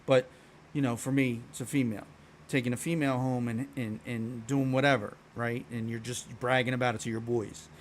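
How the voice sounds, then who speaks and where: Man, Philadelphia accent, streamer, casual slangy chat into a mic, middle-pitched voice. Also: flat delivery, brisk, slight background noise. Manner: slangy, laid-back, explanatory, swears casually. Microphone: streaming microphone.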